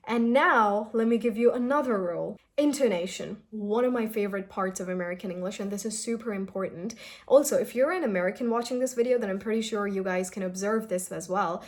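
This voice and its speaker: A young adult woman teaching English pronunciation in a lively, explanatory way, speaking straight to her viewers. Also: mid-range voice, normal speed. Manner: lively, explanatory, addresses viewers as "you guys". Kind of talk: direct-to-camera video lesson.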